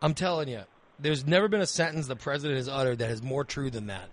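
Speaking quickly at a medium pitch, a male talk radio host argues his point with emphasis. He repeats phrases as he builds his case in an opinionated debate.

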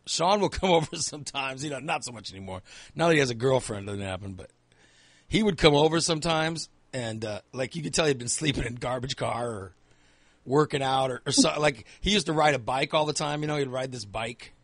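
A man's voice: medium pitch, lively intonation, a little fast, dry recording. A man telling crude comedic stories in casual chat, acting out quoted lines in a raised voice.

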